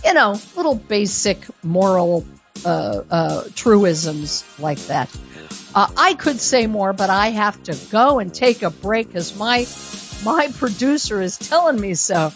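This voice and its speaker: A woman hosting a radio talk show, delivering an opinionated monologue full of sarcasm and emphatic jumps in pitch, at a studio microphone. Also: sing-song, slow pace, faint music behind.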